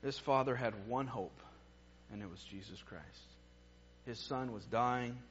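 A man preaching a sermon in an earnest way. His voice goes from emphatic lines to hushed, quiet ones. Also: medium pitch, measured pace, lo-fi sound, slight background noise.

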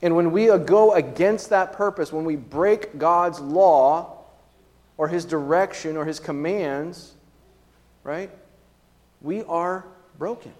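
A man's voice: on the high side, slow, darkish tone, big-room sound. A man preaching a sermon as pastor, in a conversational way with frequent tag questions and fillers.

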